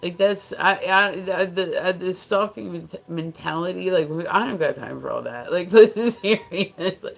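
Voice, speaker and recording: A woman's voice: deep voice, animated, measured pace, creaky, faint music behind, rough recording. An American woman hosting a livestream, chatting casually and rambling with many restarts and fillers. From United States. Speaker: livestream host. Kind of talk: casual chat.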